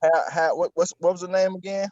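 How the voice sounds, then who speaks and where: A man's voice: high-pitched, fairly even intonation, brisk, a little mellow, no echo, lo-fi sound. A man co-hosting a live podcast, bantering and cursing in a joking way. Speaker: podcast co-host. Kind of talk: casual live-stream chat.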